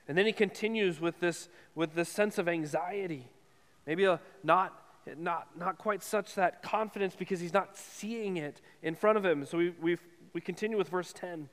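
Higher-voiced man preaching in a reverberant church. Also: normal speed, fairly bright tone. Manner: earnest, repeatedly asks "right?". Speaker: pastor. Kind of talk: sermon.

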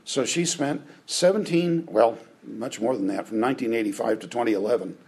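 A man's voice: medium pitch, fairly quick, a little mellow, slightly rough, poor audio. A man preaching a conversational sermon, often checking in with his listeners. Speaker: pastor.

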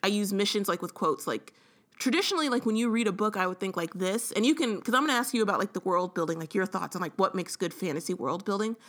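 A woman's voice: medium pitch, lively intonation, fast talker. A woman co-hosting a podcast, talking casually about a book and leaning on "like" a lot. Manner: chatty, lots of "like", laughs often. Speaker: podcast co-host. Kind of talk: casual book-club chat.

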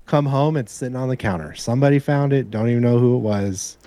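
A man's voice: medium pitch, fast, dark tone. Laid-back swearing man on a podcast. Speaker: podcast co-host. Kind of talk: casual podcast chat.

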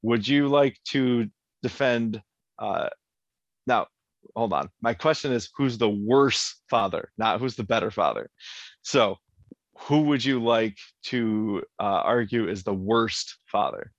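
A man co-hosting a casual podcast chat, animated, laughing often and acting out lines as he recaps a TV episode. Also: lowish voice, slow pace, no room sound, muffled recording. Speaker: podcast co-host.

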